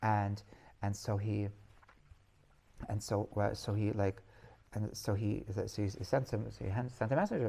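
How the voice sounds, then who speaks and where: A man's voice: on the low side, flat delivery, measured pace, creaky, warm tone. A male rabbi telling stories in a class, rambling, restarting phrases and laughing at his own tales. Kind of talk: storytelling Torah class.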